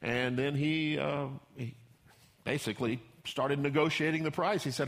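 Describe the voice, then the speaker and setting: Folksy male pastor, sermon storyteller, fairly high voice with gravelly fry. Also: fairly even intonation, normal speed. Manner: folksy storytelling, acts out characters.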